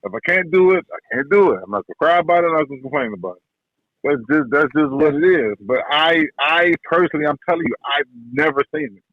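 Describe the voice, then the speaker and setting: A man who trains boxers tells stories about his mentor in a relaxed, slangy way, often repeating himself. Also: on the high side, quick pace, no echo. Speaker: boxing trainer, guest. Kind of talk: casual interview talk. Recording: dull podcast audio, dry.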